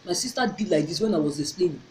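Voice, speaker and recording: A woman's voice: fairly low pitch, expressive, fast, noisy background. A middle-aged woman tells a personal story to her viewers, earnestly, often repeating and restarting her phrases. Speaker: vlogger. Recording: echoey room.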